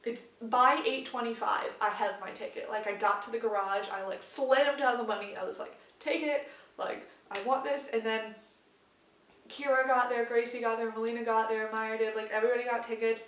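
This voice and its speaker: A young woman vlogger telling a story in a casual, excited way, full of "like" fillers. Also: fairly high pitch, a little fast. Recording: roomy sound from a distance.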